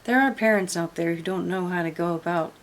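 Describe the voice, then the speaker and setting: A woman's voice: on the low side, brisk. A woman giving casual reaction commentary, blunt and sarcastic, swearing freely. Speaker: commentary YouTuber.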